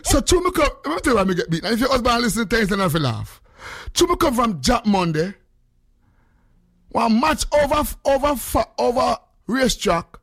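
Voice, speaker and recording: A man with a Jamaican accent hosting a casual chat, telling stories in an animated way and slipping into patois. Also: very high-pitched, fairly quick, gravelly, slightly rough, no room sound, studio quality. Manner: animated storyteller, mixes in patois.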